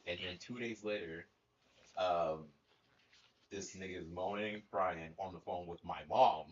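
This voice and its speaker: Deep-voiced laid-back man telling a story. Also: measured pace, breathy edge, lo-fi sound. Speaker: co-host. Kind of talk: casual storytelling.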